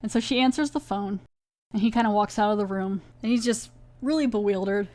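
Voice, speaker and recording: A woman hosting a podcast, casually recapping a TV episode in a chatty, animated way. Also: medium pitch, brisk. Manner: chatty, animated, retells scenes with quoted voices. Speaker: podcast host reviewing a TV episode.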